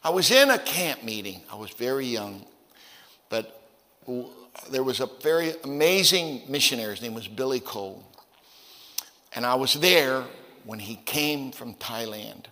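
A man preaching a sermon as pastor, telling stories in a folksy, conversational way, with stammered repeats, dropping low and then rising to loud, emphatic peaks. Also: expressive, a little slow, in a large hall. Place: church sanctuary.

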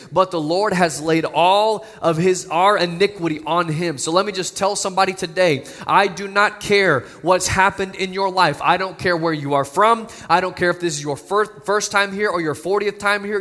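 A man preaching a sermon, building to emphatic, near-shouting appeals to the congregation. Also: high voice. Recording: long hall reverb.

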